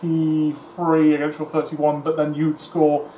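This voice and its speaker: A man's voice: on the high side, monotone, unhurried, warm tone. A man co-hosting a tabletop wargame battle report, talking in a tired, rambling, self-mocking way. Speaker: tabletop wargame player and co-host. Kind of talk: casual battle-report chat. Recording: echoey room with faint hiss.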